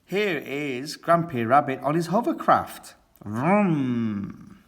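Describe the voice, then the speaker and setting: Male storybook reader, children's read-aloud, lively, animated pitch. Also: measured pace.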